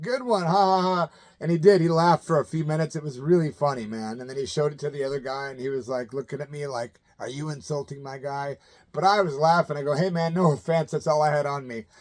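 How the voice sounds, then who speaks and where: A man in his fifties from the American Midwest, telling rock stories in a loose, colloquial way and acting out the people he quotes. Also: fairly high pitch. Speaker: channel host telling stories. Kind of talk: casual anecdotal storytelling.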